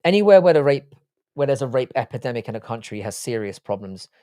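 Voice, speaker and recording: A man's voice: medium pitch, sing-song, fast, warm tone, dry recording, studio quality. Offhand, foul-mouthed male livestream host. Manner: profane, offhand, reading chat messages aloud and replying. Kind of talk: casual livestream chat.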